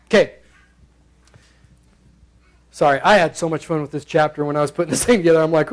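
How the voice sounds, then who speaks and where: High-voiced playful preacher. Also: male voice, a little fast, pauses often, low-quality recording. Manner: playful, acts out the characters in bursts. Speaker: pastor. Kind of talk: expository sermon. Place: church sanctuary.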